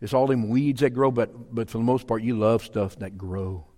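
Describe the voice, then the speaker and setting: A man's voice: medium pitch, steady tone, moderate pace, mellow, big-room sound. A man preaching a sermon in a folksy, emphatic way, repeating his key phrases. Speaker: pastor.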